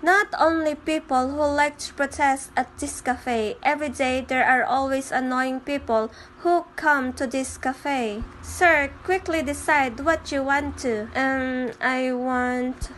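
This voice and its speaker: High-voiced woman dubbing every comic character. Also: a bit bright, a little hiss or hum. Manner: switches between many comic characters in quick bits of dialogue. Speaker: fan comic dubber. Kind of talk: fan dub of comics, voicing every character.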